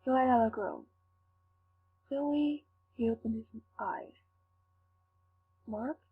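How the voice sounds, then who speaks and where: A woman reading fan fiction aloud, slowly and carefully. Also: a little high, husky. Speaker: fanfic reader. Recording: tinny lo-fi with faint hum.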